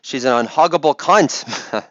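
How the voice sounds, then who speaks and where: A man doing a stand-up comedy routine on stage, delivering crude rapid-fire one-liners and mock hype calls to the crowd. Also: medium pitch, a bit bright, dry recording, lo-fi sound.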